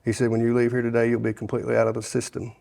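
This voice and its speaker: A man from Sevier County, Tennessee, appears as a guest sharing his testimony, telling his life story in a casual interview where he rambles, restarts often and quotes people he met. His medium-pitched voice is monotone and mellow, racing along with vocal fry.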